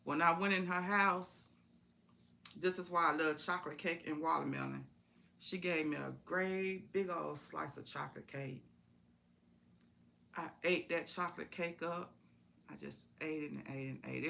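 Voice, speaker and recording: A woman's voice: low voice, normal speed, creaky, bright, forceful tone, slight background noise. A woman telling a personal story in a casual, folksy way on a live stream, repeating phrases for emphasis.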